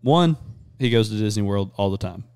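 A man hosting a podcast, chatting casually and crudely, rambling fast between jokes. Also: lowish voice, animated, gravelly, a little mellow, smooth, dry recording, clean studio sound. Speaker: podcast host. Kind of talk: casual chat.

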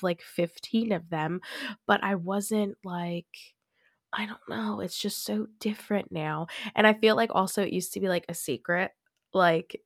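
Alone at the mic, the young podcast host rambles through a casual chat, full of laughter and repeated "like"s. Her voice is on the low side, recorded dry with studio quality.

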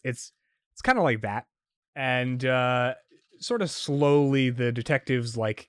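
A man's voice: mid-range voice, smooth, no room sound, studio quality. A man narrating as game master for a tabletop game, rambling with many fillers and restarts.

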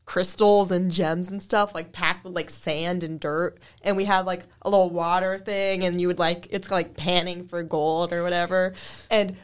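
A woman's voice: on the low side, normal speed, clear, resonant tone. A young woman casually telling a work story among friends, with lots of "like" fillers. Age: young adult. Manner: animated storytelling, heavy "like" fillers. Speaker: panelist recalling first jobs. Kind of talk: casual chat.

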